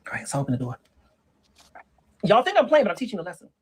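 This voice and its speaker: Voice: medium pitch, wildly swooping pitch, very fast, slightly rough, full character voice, poor audio. A performer playing a sassy middle-aged woman who lectures on dating in a comedic monologue and keeps calling the listener girl and honey. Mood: sassy lecturing. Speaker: relationship advice monologue.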